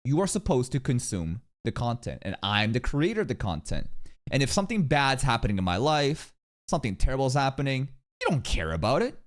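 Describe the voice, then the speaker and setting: A man commenting casually on a clip as a reaction streamer, profane and blunt, with mocking asides. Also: fairly quick. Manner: animated, profane, swings into shrill mocking voices.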